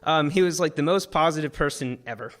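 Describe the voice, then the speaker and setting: A man's voice: fairly high pitch, fairly quick. Emotional young man telling a story. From Florida. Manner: emotional, animated, filler-heavy with many likes. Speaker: storyteller on stage. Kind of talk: live personal storytelling talk.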